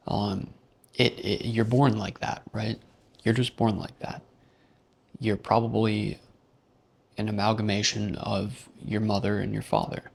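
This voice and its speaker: Gravelly man ranting bluntly. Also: lowish voice. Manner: blunt, profane, rambling. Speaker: vlog host. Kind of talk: casual rant monologue.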